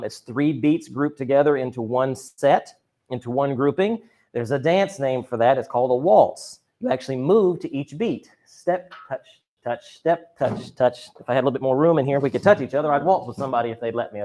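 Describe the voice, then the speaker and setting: The teacher here is a man with a medium-pitched, dark voice who talks fairly quickly. He's running a drama and chorus lesson over video, upbeat and conversational, with joking side comments to the class, picked up by his computer mic.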